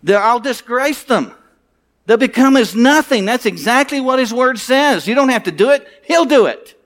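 A man with a high voice preaches with fervor, driving his points home through repetition and rhetorical questions. He speaks as a pastor closing his sermon and leading his congregation into prayer. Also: animated, normal speed, a bit bright. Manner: fervent and emphatic, repeating phrases and asking rhetorical questions.

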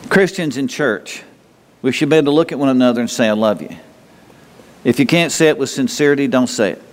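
A man's voice: mid-range voice, fast talker. A man preaching a sermon in a church, talking conversationally to the congregation, repeating words and asking rhetorical questions. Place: church sanctuary. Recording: long hall reverb.

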